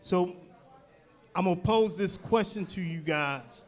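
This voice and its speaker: A man hosting a casual podcast chat, asking guests questions in a relaxed, joking way. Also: high-pitched, a little slow. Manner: relaxed, joking questions with "you know" fillers. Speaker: host.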